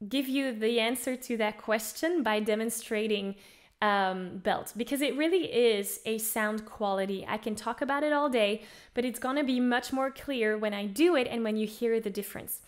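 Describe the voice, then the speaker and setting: A woman teaching an online singing lesson, explaining things in an upbeat way and demonstrating with her own voice. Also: a little high. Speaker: vocal coach.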